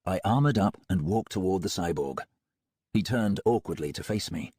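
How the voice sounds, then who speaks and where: A man narrating a first-person audiobook in a grim, measured way. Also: low-pitched, lively intonation, warm tone, breathy edge, no echo, studio quality.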